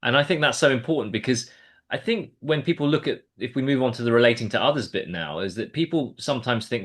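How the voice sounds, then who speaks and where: An exam mentor interviews a candidate in a casual chat, speaking quickly in an animated, mid-range voice. He is warm and encouraging, and he often restarts sentences by repeating his opening words.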